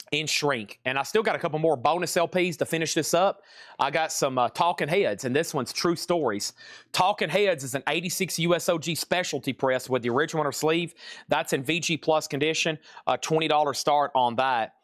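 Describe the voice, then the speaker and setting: A man's voice: on the high side, fairly bright tone, no echo, clean studio sound. A man hosting a live-streamed vinyl sale, rattling off titles and prices in an upbeat, casual patter. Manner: rapid-fire listing of items and prices, upbeat.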